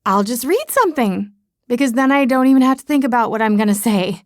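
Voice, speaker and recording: Woman reading a romance audiobook, flustered and chatty, kinda high, dry close mic. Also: lively intonation, brisk, no room sound. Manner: chatty, self-mocking, flustered. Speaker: audiobook narrator. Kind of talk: first-person audiobook narration.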